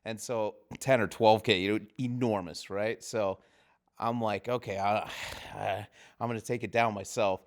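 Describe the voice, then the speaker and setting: A man's voice: lowish voice, fairly even intonation, a little slow. A man, a film-set grip, telling a long anecdote on a casual podcast, laughing often. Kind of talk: casual storytelling chat.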